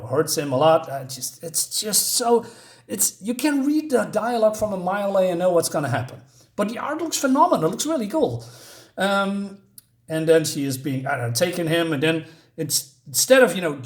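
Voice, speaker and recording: Sarcastic man with a high voice. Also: animated, normal speed. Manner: sarcastic, exasperated, rambling. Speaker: comic book reviewer. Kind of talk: casual commentary with read-aloud dialogue.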